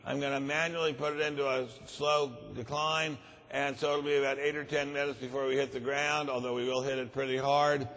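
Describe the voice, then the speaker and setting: A man's voice: mid-range voice, flat delivery, brisk, fairly bright tone, slight background noise, lightly acted. A man voicing a cheerfully polite airline pilot who hesitates with many ums, echoing in a large hall. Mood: cheerfully apologetic. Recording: long reverb of a large conference hall.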